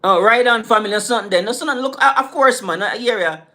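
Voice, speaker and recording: Fast and high-pitched, with a pushed, bright sound, a middle-aged man from the Caribbean islands hosts a casual livestream. He chats with his viewers in an island accent, laid-back and full of "man" and "you know."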